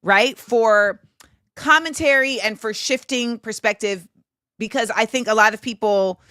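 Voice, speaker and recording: A woman hosting a casual live-stream chat, animated and playful, slipping into voices and laughter. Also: a little high, measured pace, clean tone, no room sound, studio quality. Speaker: host.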